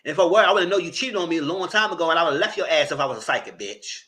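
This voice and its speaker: Sassy, animated man reviewing reality TV. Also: racing. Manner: animated and sassy, quoting people and talking back to them; jumps to high squeals and laughing bursts. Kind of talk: live review commentary, retelling scenes.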